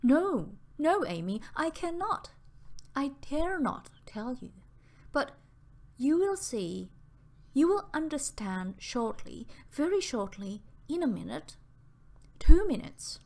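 A woman reading the part of an anxious, pale young woman who pleads in a halting, breathless way, repeating her words. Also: medium pitch, sing-song. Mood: fearful, pleading.

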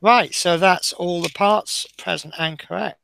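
A man's voice: high voice, unhurried, vocal fry, noisy background. A man hosting a live model-building stream, chatting casually and self-deprecatingly as he talks through each step, sounding tired.

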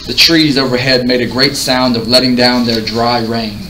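Male audiobook narrator, expressive, bright timbre, distant roomy recording. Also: mid-range voice, normal speed. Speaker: audiobook reader. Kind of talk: reading a novel aloud. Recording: roomy, distant mic, faint hiss.

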